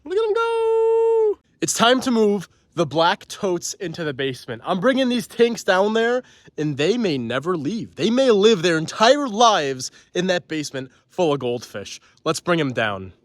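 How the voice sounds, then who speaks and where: A man hosting a fishkeeping vlog, chatting casually and excitedly to his viewers with rambling asides. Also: high-pitched, moderate pace, no echo. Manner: rambling with fillers. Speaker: fishkeeping channel host.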